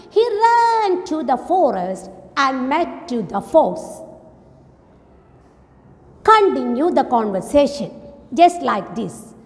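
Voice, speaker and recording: A woman teacher with an Indian English accent reciting a nursery rhyme slowly and asking simple coaxing questions to young pupils. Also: fairly high pitch, big-room sound. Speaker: primary school English teacher. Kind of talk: sing-song rhyme recitation and class instruction.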